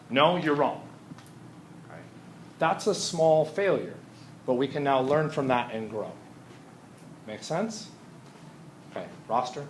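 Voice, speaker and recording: A man's voice: medium pitch, lively intonation, slow, long pauses, a little hiss or hum. A man teaching a chemistry class in a conversational lecture, often checking in with his students. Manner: conversational, often asks "Right?".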